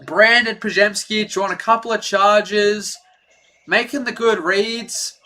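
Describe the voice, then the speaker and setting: Excitable partisan fan commentator, man. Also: sits high, slow. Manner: partisan, excitable, rants at referees. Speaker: fan play-by-play streamer.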